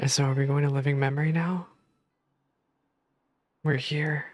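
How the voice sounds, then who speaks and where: A woman streamer who comments on a game in slow, amused asides. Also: sits low, steady tone, a little mellow, faint music behind. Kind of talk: casual reaction commentary.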